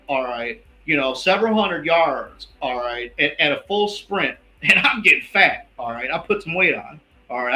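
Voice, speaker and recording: A man's voice: a little high, pushed and bright. Fired-up man in an echoey room. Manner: emphatic, keeps tagging "all right". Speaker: investigative guest. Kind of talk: heated interview talk. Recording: echoey room with faint music.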